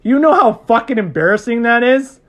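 A man's voice: extremely high pitch, lively intonation, fairly quick, fairly bright tone. A man telling a story as a podcast guest, casual and heavy on swearing, laughing often.

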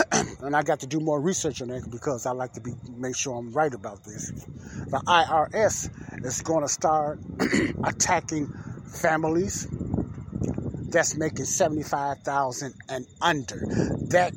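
Guy ranting on his podcast outside at night, higher voice, keeps clearing his throat, bit of faint noise. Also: a little slow. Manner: folksy, preachy, clears throat often. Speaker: podcast host. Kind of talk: casual political commentary. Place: outdoors in the dark.

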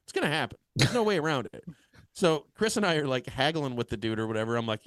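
A man in his thirties rattles off a crude, animated anecdote at a quick clip as a podcast co-host. His voice is dry and close, with no room sound around it. He sounds mid-pitched and loose. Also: dry recording. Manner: profane, animated storyteller, fast rambling. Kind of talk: casual storytelling chat.

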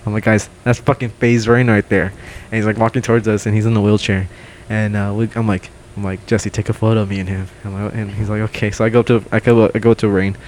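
A man's voice: lowish voice, quick pace, few pauses. Young guy on a podcast rambling through a story, cussing, bit of background hiss. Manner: animated, swears a lot, acts out quotes loudly. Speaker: podcast co-host. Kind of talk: casual storytelling chat.

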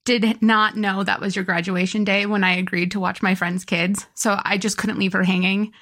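Bright-voiced woman co-host. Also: mid-range voice, little pitch movement, normal speed. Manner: warm, encouraging, supportive. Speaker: podcast co-host. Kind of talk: casual chat.

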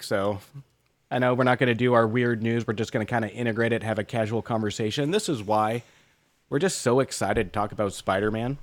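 A middle-aged man co-hosting a casual podcast chat, wry and quick to laugh, swearing casually. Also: on the low side, no echo. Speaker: podcast co-host.

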